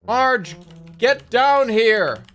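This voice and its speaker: A man's voice: very high-pitched, huge pitch swings, slow pace, soft background music, voice pushed up, heavily acted. A man doing a whiny, panicky Homer. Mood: panicked. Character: bumbling middle-aged cartoon dad, easily flustered.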